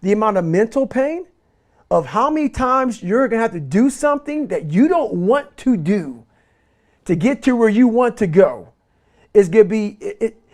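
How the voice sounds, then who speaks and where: A man's voice: sits high, very animated, moderate pace, a little mellow. A man giving a blunt, intense motivational talk as an interview guest, swearing freely.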